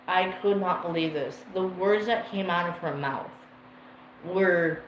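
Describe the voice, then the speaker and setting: A man's voice: sits high, unhurried, fairly bright tone. A man hosting a livestream, telling a personal story in a rambling, emotional way and swearing freely. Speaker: livestream host. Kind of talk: casual storytelling to a live chat. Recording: roomy echo with faint ambient noise.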